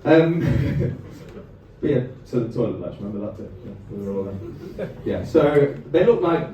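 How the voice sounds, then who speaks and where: A man's voice: mid-range voice, sing-song, mellow, dull audio. A man doing a stand-up comedy set on a club stage, chatting with the crowd between jokes. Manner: chatty crowd work, quick asides to the audience. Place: comedy club stage before a live audience. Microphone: handheld stage microphone. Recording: far-off echoey club recording with noise.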